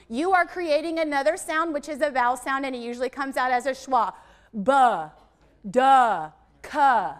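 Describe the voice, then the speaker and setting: A middle-aged woman running a literacy workshop for teachers, leading the group through letter sounds in a lively way. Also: sits high. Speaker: literacy trainer.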